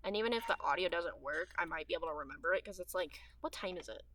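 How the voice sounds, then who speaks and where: A teenage girl gaming streamer chats quickly in a bright yet lowish voice, her throat dry and her lip smacks audible. Her rambling gameplay talk meanders, full of fillers and restarts that trail off.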